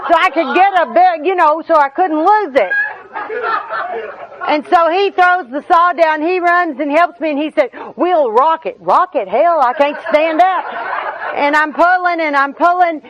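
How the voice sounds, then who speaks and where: A woman's voice: high-pitched, unhurried, noisy background. Woman, middle-aged, folksy storyteller, laughs along, small crowd in background. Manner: folksy, laughing through her own stories. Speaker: speaker at a recovery meeting. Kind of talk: humorous personal storytelling. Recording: dull lo-fi recording with audience.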